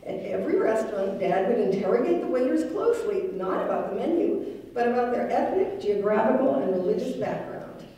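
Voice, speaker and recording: A middle-aged woman giving a wry, gently humorous memorial tribute to her late father. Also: a little high, big pitch swings, a little fast. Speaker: daughter giving a eulogy. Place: large synagogue hall. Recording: echoey hall, mic far off.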